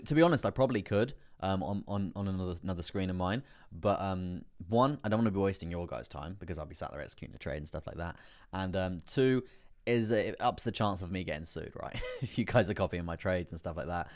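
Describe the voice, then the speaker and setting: A man's voice: sits low, darkish tone. A man hosting a casual live stream, chatting through price charts, laughing often and repeating his words as he goes. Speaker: crypto livestream host.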